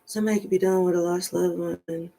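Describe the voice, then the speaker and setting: Flat-voiced chatty woman reading tarot. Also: fairly low pitch, fast, vocal fry. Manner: rambling, chatty, thinking aloud. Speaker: tarot reader. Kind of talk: casual tarot card reading to camera.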